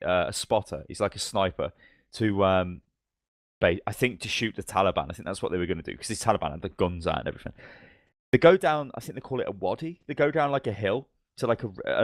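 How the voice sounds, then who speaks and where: A man's voice: fairly low pitch, no room sound, studio quality. A man co-hosting a podcast, telling long, rambling stories in casual chat. He swears freely and acts out the lines of the people in his stories. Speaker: podcast co-host.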